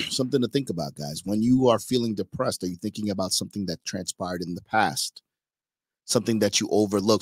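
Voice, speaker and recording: A man's voice: sits low, no echo, studio quality. A man hosting a stream, giving blunt, preachy, profane commentary in a casual tone. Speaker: host reacting to clips.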